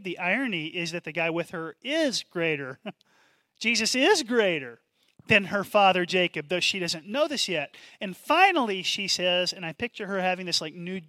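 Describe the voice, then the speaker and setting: A man preaching a sermon as pastor, in an animated, conversational way with asides. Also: on the high side, moderate pace, no room sound.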